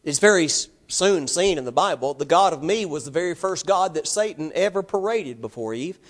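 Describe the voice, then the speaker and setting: A man's voice: a little high, animated, a little fast. A man preaching a sermon to his congregation, putting emphatic rhetorical questions to them. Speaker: pastor.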